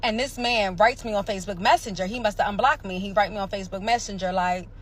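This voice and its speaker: A woman from Pennsylvania telling her own story in a casual vlog, emphatic and animated, repeating phrases and acting out sounds. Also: medium pitch, fast talker. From Pennsylvania, USA.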